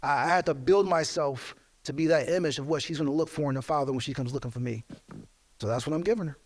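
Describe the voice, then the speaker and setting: A man's voice: on the high side, fast. A man speaking as a guest at a live podcast show, sharing a personal story in an earnest, reflective way. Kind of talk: personal testimony. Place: live show venue with audience.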